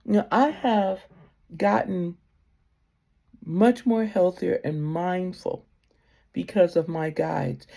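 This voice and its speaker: A woman giving casual spiritual advice to camera, heartfelt and conversational, sometimes sinking to a soft near-whisper. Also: fairly low pitch, unhurried, gravelly.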